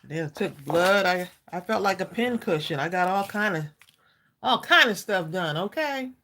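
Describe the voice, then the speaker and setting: A woman's voice: lowish voice, lively intonation, normal speed, pushed and bright. A woman hosting a live crafting stream, chatting casually with viewers, greeting them by name and saying "y'all" a lot. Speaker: craft livestream host.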